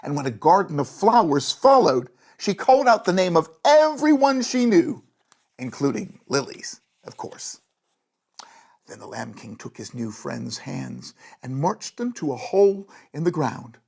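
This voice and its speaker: A storyteller reading a bedtime story aloud in a gentle, animated way, with a gravelly, breathy voice. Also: medium pitch, measured pace.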